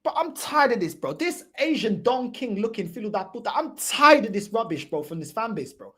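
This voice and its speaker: A woman's voice: medium pitch, sing-song, normal speed, hardly any pauses, a bit bright, slightly rough. A woman hosting a football fan channel, delivering a heated, profane, mocking reaction rant. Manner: profane, mocking, repeats "bro".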